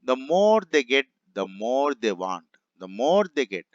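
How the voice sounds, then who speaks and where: A male teacher gives a classroom grammar lecture, repeating every example slowly so it sinks in. His voice sits at an ordinary middle pitch. The recording is dull and lo-fi, with a dry, close sound and no room echo. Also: sing-song. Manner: repeats each example sentence twice, explaining patiently. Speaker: English teacher.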